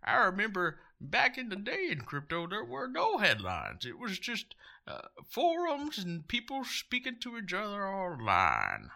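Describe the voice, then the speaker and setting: A man doing a wavering, drawn-out voice of a creepy old man for a joke on a podcast. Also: sits high, wildly swooping pitch, vocal fry, bright, forceful tone, pitched above the performer's own voice, heavily acted. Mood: reminiscing.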